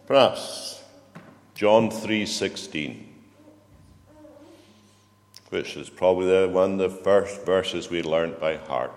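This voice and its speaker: A man preaching a sermon in a church, slow and reflective, often turning questions to the congregation. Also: deep voice, a little mellow. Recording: long reverb of a church hall.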